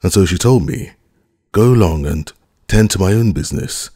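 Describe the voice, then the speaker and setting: A nervous young boy servant, pleading and hesitant, as a man reads him out. The voice is very deep and husky, and the room is dry. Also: animated, moderate pace, dark tone, no room sound, exaggerated voice. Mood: fearful.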